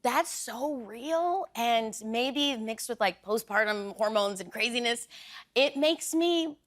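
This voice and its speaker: A woman's voice: a little high, lively intonation, takes it slowly. A woman in her thirties, a talk show guest chatting in a bubbly way and acting out little voices as she tells stories. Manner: bubbly, storytelling with acted-out voices. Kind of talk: animated talk show chat.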